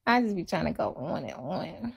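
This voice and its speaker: A woman's voice: fairly low pitch, animated, moderate pace, creaky, slightly rough. Woman rambling in casual livestream talk. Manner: rambling, self-deprecating, repetitive.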